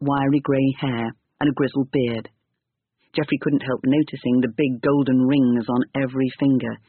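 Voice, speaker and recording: A man narrating a storybook reading in a measured, expressive way, on a tinny narrow-band recording. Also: mid-range voice, slightly rough, dry recording.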